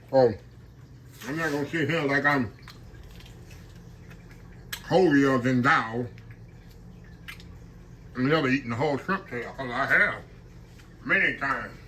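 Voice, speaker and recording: The audio is poor, but the frying and kitchen noise are clear behind this slightly high, sharp-toned man. He hosts a home cooking channel and fries shrimp in his kitchen, chatting folksily with viewers, calling them "y'all," and laughing at his own jokes during the casual demonstration. Oil sizzles throughout.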